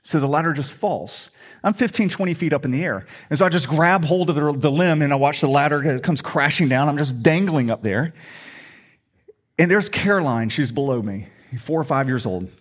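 A man's voice: on the high side, lively intonation, normal speed. A middle-aged male pastor preaching a sermon in a humorous, conversational storytelling way.

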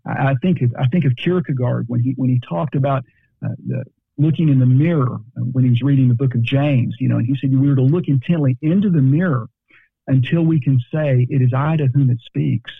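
Gravelly man on a tinny phone line. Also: medium pitch, fairly quick, no room sound. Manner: earnest, repeats words as he thinks. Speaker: guest counselor. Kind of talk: podcast conversation.

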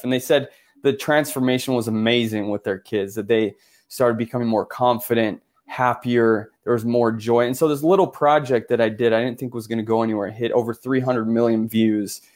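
A man's voice: medium pitch, a little mellow. A man from Utah, a photographer guest in an interview, telling his story earnestly with many restarts and filler words.

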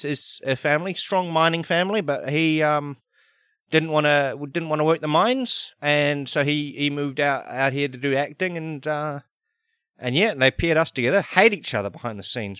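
A man, hosting a podcast in a rambling, deadpan comedic monologue full of fillers and restarts. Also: on the high side, clear, resonant tone, no echo, clean studio sound. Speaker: podcast host.

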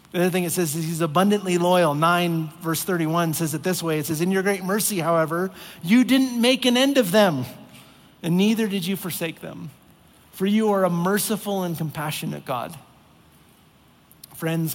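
Earnest man preaching in a reverberant hall. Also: fairly high pitch. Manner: earnest, repetitive emphasis, acts out exasperated voices. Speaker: pastor. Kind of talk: sermon. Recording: long reverb of a large hall.

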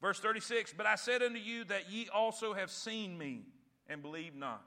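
A man preaching a sermon, reading scripture slowly and calling on the congregation to answer back. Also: high-pitched, bright, forceful tone. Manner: call-and-response preaching, repeats phrases; drawn-out emphatic scripture reading. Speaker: pastor.

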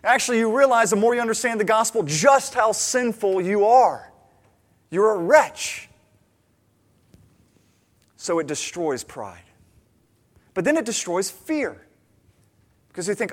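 Here a male pastor with a high voice preaches at a measured pace, pausing often. His sermon is animated storytelling, with him performing the characters' words.

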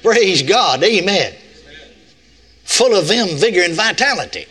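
A man's voice: sits high, sing-song, a little slow, pushed and bright, slightly rough. An older man, preaching a sermon with folksy, playful asides to the audience. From United States. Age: 60s.

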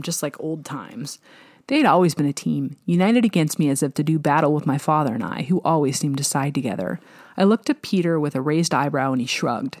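A woman narrating a first-person novel in a measured, wry way. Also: deep voice, a little mellow, no echo, studio quality. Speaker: audiobook narrator.

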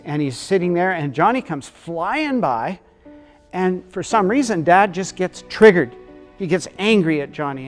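A man explaining emotional memory and trauma, earnest and storytelling. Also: on the high side. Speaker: teacher.

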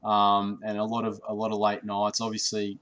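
A man's voice: lowish voice, completely flat delivery, normal speed, a bit bright. A man from Australia with an Australian accent, a guest chatting casually and easily, often saying "mate". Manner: easygoing, says "mate" often. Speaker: small business founder, guest. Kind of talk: casual chat.

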